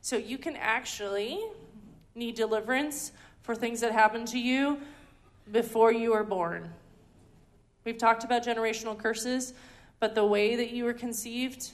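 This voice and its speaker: A woman's voice: fairly high pitch, unhurried. A woman giving a conversational teaching talk at a ministry school, chatty and full of ums and restarts. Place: indoor teaching hall.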